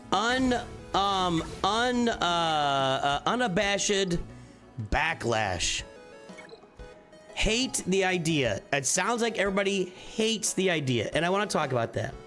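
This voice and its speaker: Chatty rambling male streamer, fairly high voice. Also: fairly bright tone. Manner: rambling, restarts often, thinks aloud. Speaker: streamer and channel host. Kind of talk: casual live-stream chat.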